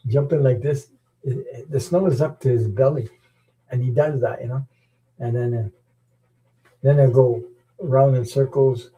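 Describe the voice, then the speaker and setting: Mellow rambling man chatting casually. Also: medium pitch, highs cut off. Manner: rambling, chuckling, repeats words. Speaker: tarot channel host. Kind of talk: casual chat.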